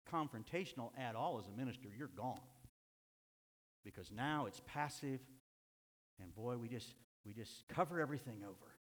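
A fiery male preacher delivers a sermon with a lively, restless voice that climbs and falls sharply. His tone sits a touch high for a man. The sound carries a long reverb from a large sanctuary. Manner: impassioned, swings from shouting to hushed. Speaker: pastor. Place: church sanctuary. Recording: echoey hall reverb.

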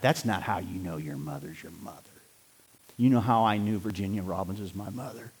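A man preaching a sermon, swinging between loud exhortation and hushed, near-whispered passages. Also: deep voice, brisk, breathy edge. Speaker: pastor. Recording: long hall reverb.

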